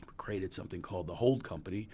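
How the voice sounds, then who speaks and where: A middle-aged man from Pennsylvania with a Pennsylvania accent, hosting a podcast and telling long personal stories in a rambling, animated way. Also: low voice, quick pace, slight background noise. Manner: rambling and storytelling, animated when recalling anecdotes. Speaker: podcast host. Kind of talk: casual chat.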